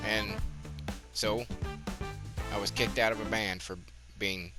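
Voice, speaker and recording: A man's voice: fairly low pitch, little pitch movement, slow pace, pauses often. Southern man with a twangy drawl, candid rambling game commentary, music behind him. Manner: rambling, candid, swears freely. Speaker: gaming channel host. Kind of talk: casual gameplay commentary.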